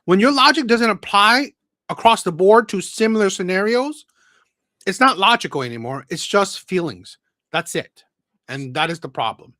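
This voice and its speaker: A man's voice: high voice, animated, moderate pace, bright, forceful tone, no echo. A man hosting a call-in show, talking in a rambling way, repeating words and checking in with "right?". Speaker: host. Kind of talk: casual call-in commentary.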